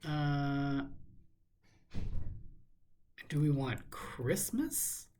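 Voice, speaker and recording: A man thinking aloud in a measured, musing way as he works through a crossword, now and then correcting himself. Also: a little high, expressive, darkish tone. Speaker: crossword solver. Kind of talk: thinking aloud while solving a puzzle.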